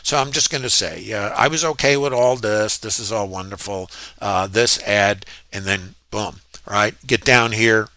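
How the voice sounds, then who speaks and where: A man's voice: fairly low pitch, moderate pace, hardly any pauses, pushed and bright, no echo. A man walking through his trades in a casual, rambling lesson, often asking rhetorical questions. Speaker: trading educator. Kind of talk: screen-share trading lesson.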